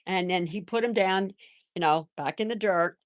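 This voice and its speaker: An older woman hosting a live stream, chatting in a gentle, rambling way and answering viewers' comments. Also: medium pitch, moderate pace, dry recording, clean studio sound. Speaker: livestream host. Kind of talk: casual live-chat talk.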